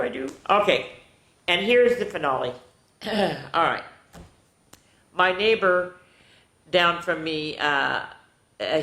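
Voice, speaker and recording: A woman hosting a children's storytime, reading a book aloud in a playful, animated way with silly sounds and voices. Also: sits low, creaky. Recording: echoey room.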